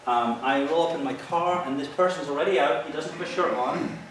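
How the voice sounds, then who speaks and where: A man's voice: fairly high pitch, fairly quick, fairly bright tone, a little hiss or hum. Cop guy giving a training talk, earnest, explains things with stories, far from the mic in a really echoey hall. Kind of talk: presentation to an audience.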